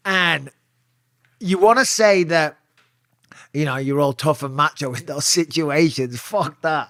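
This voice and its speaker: Swearing, lively storytelling man. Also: on the high side, measured pace, long pauses, no echo, clean studio sound. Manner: profane, animated, acts out voices in his stories. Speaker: interview guest. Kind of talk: casual storytelling.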